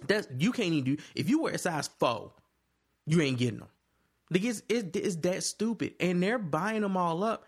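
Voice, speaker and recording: A man with a fairly high voice talks with friends, swearing freely. His pitch swings widely as he tells his story. He sounds worked up and animated. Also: normal speed, breathy edge. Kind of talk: casual chat.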